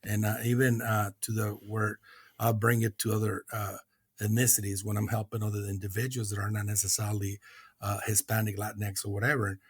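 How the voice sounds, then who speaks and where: A middle-aged man from Mexico, a guest in a recovery podcast conversation, speaking earnestly and reflectively with many hesitant pauses and restarts. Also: lowish voice, flat delivery, husky, no echo.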